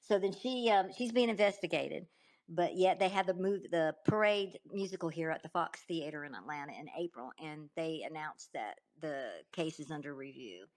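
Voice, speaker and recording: A woman with a Southern US drawl talks in a fairly low voice. She tells her account to an interviewer emphatically, circling back and repeating herself as she goes. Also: moderate pace. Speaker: guest, author. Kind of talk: conversational interview storytelling.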